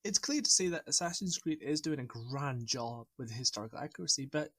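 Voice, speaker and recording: A man's voice: medium pitch, animated, fairly quick, a bit bright, no room sound. A man hosting a casual podcast chat, talking enthusiastically and rambling a little with fillers. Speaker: podcast host.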